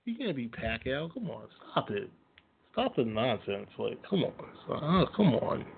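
A man's voice: medium pitch, big pitch swings, normal speed, creaky, slight background noise. A man hosting his own radio show, ranting casually and bluntly about sports with plenty of profanity and scornful laughs. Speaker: host. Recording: tinny phone-like audio.

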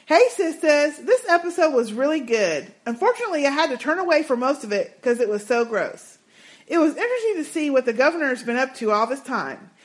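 A woman co-hosting a casual podcast, reading listener emails with sassy, animated asides. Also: sits high, brisk. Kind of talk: casual chat.

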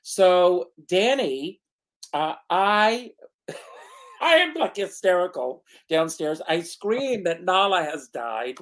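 A man's voice: sits high, sing-song, takes it slowly, fairly bright tone. A man co-hosting a talk show, telling a personal story with dramatic flair and laughing through the sad parts. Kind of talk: casual chat, personal storytelling.

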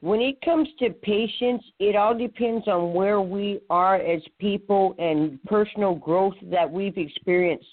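A woman calling in to a talk show as co-host, speaking in a halting way and often restarting her sentences. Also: mid-range voice. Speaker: caller and co-host. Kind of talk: casual talk show chat. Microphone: phone call. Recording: tinny phone line.

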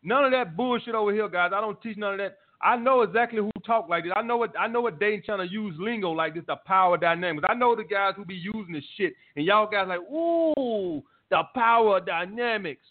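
Man, high voice, blunt and swearing, dating advice host, phone-like sound. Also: fast, few pauses. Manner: blunt, profane, repetitive. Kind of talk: live call-in show, answering listener messages. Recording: tinny phone-like line.

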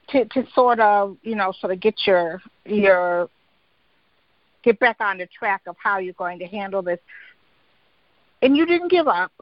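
A woman's voice: medium pitch, unhurried, dry recording. Woman interview host, empathetic, chatty fillers, dull dry sound. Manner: empathetic, uses many fillers. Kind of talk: conversational interview.

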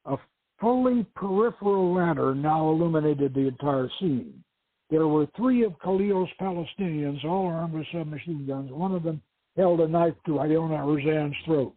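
Husky man on a tinny line. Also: a little high, no echo. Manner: measured storytelling narration. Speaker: radio show host. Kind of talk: dramatic reading of his own novel. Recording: tinny phone-like radio line.

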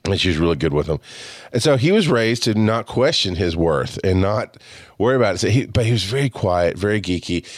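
Profane, lively-voiced storytelling man. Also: fairly low pitch, a little fast, no room sound, studio quality. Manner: profane, animated, acts out quotes of friends. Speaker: podcast host. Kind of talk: casual storytelling monologue.

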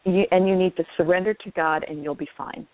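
A woman's voice: lowish voice, fairly even intonation, a little fast, lightly acted. Woman quoting a pious old woman over the phone. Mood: gentle coaxing. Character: kindly silver-haired old woman, pious and insistent. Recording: tinny phone line.

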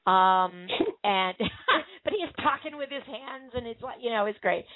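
Over a tinny phone line, a woman hosts a casual podcast chat, rambling through stories with plenty of fillers and restarts. Her voice is a little high and expressive, her pace measured, and the recording dry.

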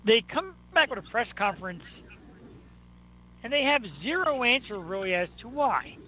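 A man hosting a talk show, chatting and ranting about sports in an excitable, joking way. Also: very high-pitched, moderate pace. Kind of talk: casual sports rant and chat. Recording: tinny phone-like line with faint noise.

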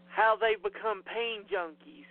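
A man's voice: high voice, steady tone, unhurried, dry recording. A man co-hosting a casual film chat, blunt and emphatic. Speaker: podcast co-host. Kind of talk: casual chat about films. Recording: tinny phone-like sound.

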